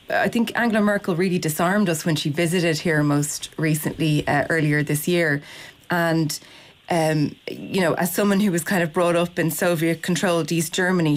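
A woman speaking in a measured, thoughtful way as a guest on a radio panel discussion. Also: low voice.

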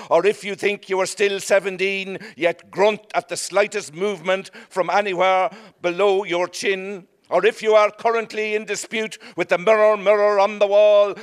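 Smooth high Irish man, mock-grand speech. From Ireland, Leitrim. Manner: grand, mock-solemn oratory. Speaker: comic speaker. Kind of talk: comic recited speech.

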